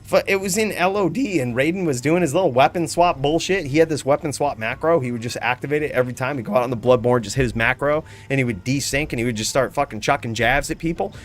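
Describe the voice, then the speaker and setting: A male streamer hosting a live show, talking in an excitable, rambling, profane way about the game he plays. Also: mid-range voice, quick pace, few pauses, faint music behind. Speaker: streamer host. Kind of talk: casual live-stream chat.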